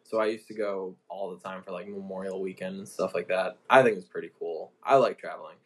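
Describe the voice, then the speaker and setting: A man casually interviewing his fiancé on a podcast, relaxed and easygoing, often pausing with ums. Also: deep voice. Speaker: co-host asking questions, host's fiancé. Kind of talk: casual chat.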